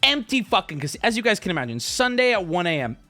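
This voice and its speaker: Animated young man telling a story. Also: sits high, fast, faint music behind. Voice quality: animated, swearing, jokey. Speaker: streamer. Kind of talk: casual storytelling to a live chat.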